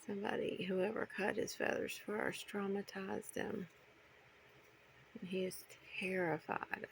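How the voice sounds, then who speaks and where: A middle-aged woman, a bird owner, chatting casually to her pet birds in cooing baby talk with soft whispered asides. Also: mid-range voice, level tone, unhurried, creaky, slight background noise.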